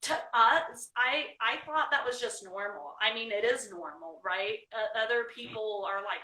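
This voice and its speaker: A woman's voice: fairly high pitch, moderate pace, few pauses, pushed and bright. A woman talking as a guest in a casual interview, chatty, laughing often and checking in with "right?". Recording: echoey room, mic at a distance, faint noise.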